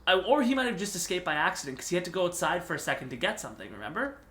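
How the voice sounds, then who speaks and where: A young man co-hosting a podcast in casual chat, getting excited and rising in pitch when he makes a point. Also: very fast, reverberant. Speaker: podcast co-host.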